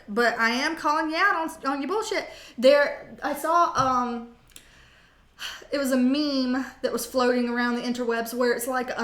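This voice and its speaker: A woman's voice: on the high side, fairly bright tone, echoey room. A woman giving a casual tarot reading, blunt and sassy, with playful swearing. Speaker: tarot reader.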